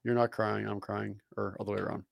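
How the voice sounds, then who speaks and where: A man's voice: fairly low pitch, little pitch movement, fairly quick, creaky, dry recording. A man co-hosting a fan podcast in casual chat, laid-back with a wry, dry humor. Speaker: podcast co-host.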